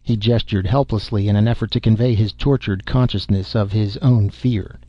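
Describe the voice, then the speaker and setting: A man narrating an audiobook in a measured, even way, in a dull recording. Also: lowish voice, no room sound. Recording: dull, dry close-mic audio.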